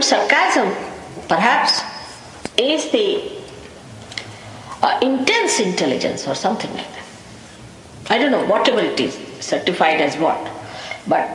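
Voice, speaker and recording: A woman's voice: a little high, a bit bright. A woman gives a spiritual talk in a wry, storytelling way, chuckling now and then. Her voice rings around a large hall with a long tail of reverb. A faint hiss runs under the old tape. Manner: anecdotal, wry, with small laughs. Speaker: spiritual teacher. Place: lecture hall in London.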